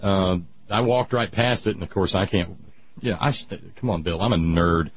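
A man hosting casual radio talk who rants loudly and slips into nerdy asides. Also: sits low, moderate pace, a little hiss or hum. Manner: ranting, animated, nerdy asides. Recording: dull lo-fi radio sound.

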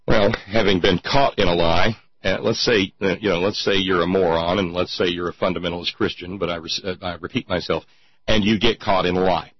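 Husky-voiced man mocking the news. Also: low voice, normal speed, no room sound. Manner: mocking, reads quotes aloud in a raised voice. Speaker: podcast host. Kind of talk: sarcastic political commentary. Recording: dull lo-fi sound, dry.

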